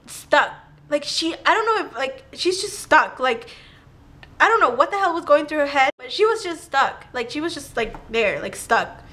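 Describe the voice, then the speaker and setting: A young woman telling a personal story to camera in a chatty, animated way, with "like" all through her talk. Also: high-pitched, moderate pace. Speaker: vlogger. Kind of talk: casual storytime.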